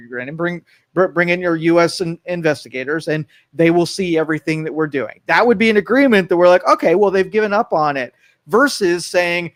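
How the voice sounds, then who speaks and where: A man co-hosting a local talk radio show in casual political talk, animated, acting out quoted voices and restarting often. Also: fairly high pitch, fairly quick, dry recording. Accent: Northeast Ohio. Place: radio studio.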